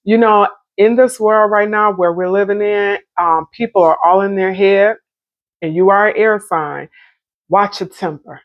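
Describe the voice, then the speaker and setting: A woman talks through a tarot reading in a loose, chatty way, speaking straight to her viewers. Her voice sits at a middle pitch. The sound is dry and close, with no room echo. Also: measured pace, dull audio. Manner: chatty, warm-hearted, talks straight to viewers with Southern American slang. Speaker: tarot reader.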